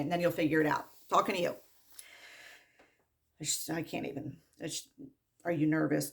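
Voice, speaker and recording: An exasperated woman rants to the camera about her patients in a slightly low voice. She repeats herself with disbelief and fires off long lists one after another. The delivery is an unscripted vlog monologue. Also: steady tone, gravelly. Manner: exasperated, repetitive, rapid-fire lists. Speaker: medical worker.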